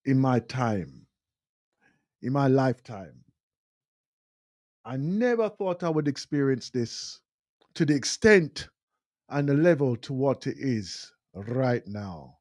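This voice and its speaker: A man's voice: a little high, a little mellow, no echo, clean studio sound. A man hosting a live talk radio show, delivering an impassioned monologue and repeating phrases for emphasis.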